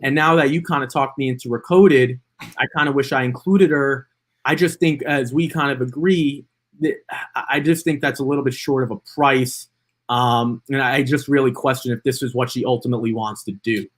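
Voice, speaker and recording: A man's voice: mid-range voice, steady tone, normal speed. A man co-hosting a horse racing podcast, talking through his picks in a casual chat, with frequent fillers and restarts as he thinks aloud. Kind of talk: casual betting analysis chat.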